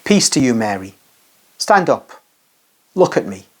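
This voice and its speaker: Reader doing a calm gentle master, consoling, slow. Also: medium pitch.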